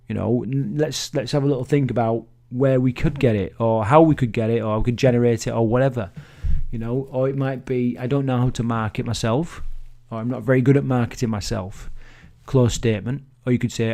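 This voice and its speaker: Gravelly man coaching casually. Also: mid-range voice, a little fast, mellow. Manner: casual and chatty, swears freely, many restarts. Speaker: business trainer. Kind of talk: motivational teaching talk.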